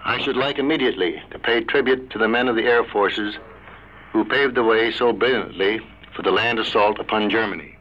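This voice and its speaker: A male air force commander reading a formal, prepared statement over the radio, deliberate and stiff. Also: lowish voice, slight background noise. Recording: muffled lo-fi 1940s radio relay.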